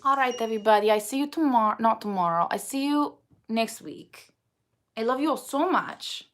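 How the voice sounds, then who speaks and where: A woman's voice: on the high side, normal speed, fairly bright tone, slight background noise, natural voice. Woman in a broad, playful Eastern European put-on accent, drops little words. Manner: drops articles and small words. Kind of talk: livestream sign-off.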